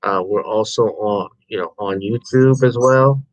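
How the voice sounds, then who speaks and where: Tired guy rambling on his live stream, lowish voice, dry close sound. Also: unhurried, no echo, poor audio. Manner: rambling, loose and informal, trailing off into restarts. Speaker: livestream host. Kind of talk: casual live-stream chat.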